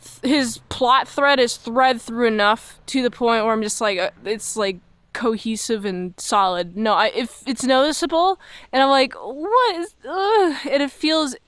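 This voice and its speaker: A young woman talks through an episode review in a relaxed, chatty way, sounding exasperated and slipping into quick character asides. Her voice sits fairly high and comes across smooth and clear. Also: no echo. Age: young adult. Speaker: show host reviewing a TV episode. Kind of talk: casual spoken review.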